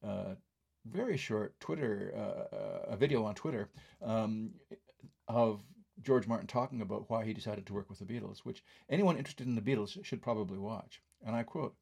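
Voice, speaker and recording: A man's voice: on the low side, normal speed, gravelly, a little mellow, slightly rough. An older man reading his own film review aloud, with wry, conversational asides.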